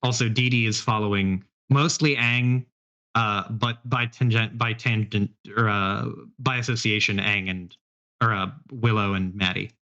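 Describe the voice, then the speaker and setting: A man's voice: lowish voice, steady tone, a little slow, pushed and bright, muffled recording. A man running a tabletop horror game as game master, describing scenes in a rambling, filler-heavy way. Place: live stream.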